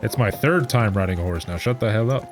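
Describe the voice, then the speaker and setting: A man's voice: lowish voice, fast. Casual male gamer, joking commentary, faint music behind. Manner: joking, chatty, talks over the game. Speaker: streamer.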